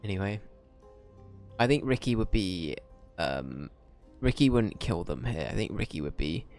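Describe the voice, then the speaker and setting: A streamer chatting through his gameplay in a loose, rambling way. His voice sits a little low, and he keeps mocking himself and joking between thoughts. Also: expressive, normal speed, a little mellow, faint music behind. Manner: rambling, self-mocking, jokey. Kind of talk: casual gameplay commentary.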